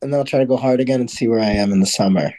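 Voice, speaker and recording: A man co-hosting a podcast in casual chat, talking in a relaxed, rambling way with lots of "like". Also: mid-range voice, racing. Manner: relaxed, rambling with many "like" fillers. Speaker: podcast co-host.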